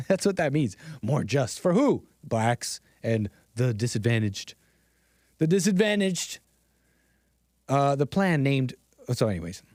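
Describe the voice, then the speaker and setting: A man's voice: mid-range voice, very animated, slow, long pauses, a little mellow, dry recording, clean studio sound. A man hosting a casual commentary stream, rambling with frequent restarts and laughing at his own asides. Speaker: host.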